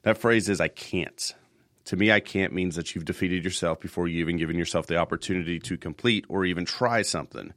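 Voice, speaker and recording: A man's voice: sits low, fairly quick, fairly bright tone, no room sound, clean studio sound. A man in his thirties hosting a casual podcast, telling rambling stories and repeating words as he goes. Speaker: podcast host.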